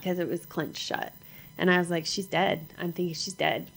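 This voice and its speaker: A middle-aged woman telling a personal story in a halting way, repeating herself and acting out what people said. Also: on the low side, fairly even intonation, creaky, low-quality recording. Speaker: mother sharing her story.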